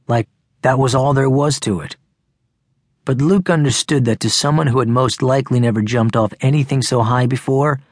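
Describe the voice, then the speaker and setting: A man reading a teen novel aloud in steady, measured narration. His mid-pitched voice is husky and a little breathy. It is recorded close in a dead booth with no room sound. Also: no room sound. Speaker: audiobook narrator. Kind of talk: scripted narration. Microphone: close studio mic.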